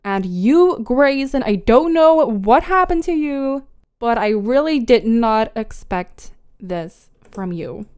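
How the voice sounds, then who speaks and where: A woman's voice: on the high side, expressive, takes it slowly, darkish tone, clean tone. A woman voicing a hurt, angry young woman in a life-simulation game, indignant and wounded.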